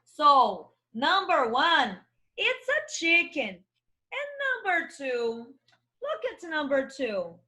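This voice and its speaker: A young Brazilian woman teaches English to young children, her voice high and bright. She talks very slowly, with a sing-song lilt, and spells each word out letter by letter. Her tone stays warm and encouraging throughout the lesson. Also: huge pitch swings. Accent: Brazilian Portuguese. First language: Portuguese.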